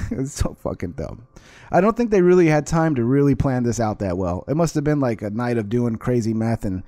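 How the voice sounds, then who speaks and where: A man's voice: mid-range voice, expressive, a little fast, dark tone, no room sound. A man hosting his own vlog, ranting with sarcasm and constant swearing as he reacts to clips. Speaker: vlog host. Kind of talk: profane ranting commentary.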